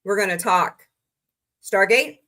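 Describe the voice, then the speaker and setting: Bright-voiced chatty woman streamer. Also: mid-range voice, slow pace. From Missouri, USA. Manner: chatty, rambling, frank with frequent asides. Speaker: livestream host. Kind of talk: casual live stream chat.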